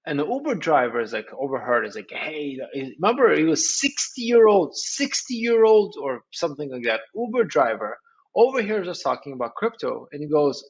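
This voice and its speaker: Male podcast co-host, husky and eager, many restarts, muffled lo-fi sound. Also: fairly high pitch. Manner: excited, rapid storytelling with many restarts. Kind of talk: casual chat about finance.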